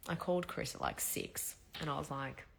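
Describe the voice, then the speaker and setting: A woman tells her story in a chatty, expressive way, blunt and ready to swear. Her voice sits low for a woman, and she sounds like someone recovering from surgery. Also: normal speed, gravelly, slightly rough. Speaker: vlogger. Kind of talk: casual storytelling.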